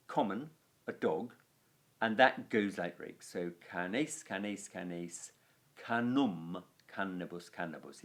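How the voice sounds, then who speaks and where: A man teaching a Latin grammar lesson, explaining rules patiently and chanting noun endings aloud with dry asides. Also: lowish voice.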